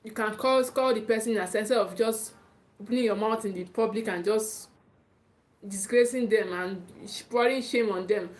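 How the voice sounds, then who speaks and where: A woman's voice: mid-range voice, normal speed. A woman with a Nigerian English accent coaching parents in a live talk, emphatic, often repeating and restarting her phrases and checking in with "okay".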